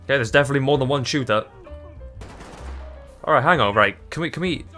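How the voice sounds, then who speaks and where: A man narrating his own gameplay in a rambling, excitable way. He swears freely, breaks into laughter and restarts his sentences mid-thought, over faint background music. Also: medium pitch, quick pace. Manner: rambling, self-interrupting. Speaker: gaming YouTuber. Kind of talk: gameplay commentary.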